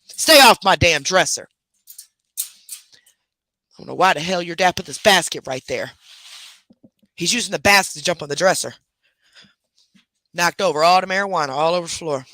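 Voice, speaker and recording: A man chats casually on his own livestream from his bedroom, telling stories with lots of feeling and breaking off to scold his dogs. His voice is bright and forceful and sits a little high. The sound is dry and close, with almost no room echo. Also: moderate pace, pauses often. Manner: animated storytelling, scolds his dogs mid-stream. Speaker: livestream host. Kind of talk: casual live chat. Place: home bedroom.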